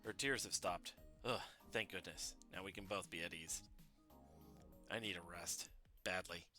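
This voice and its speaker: A man's voice: low voice, a little slow, pushed and bright, faint music behind. A man streaming a game, reading its narration aloud in a plain, earnest voice.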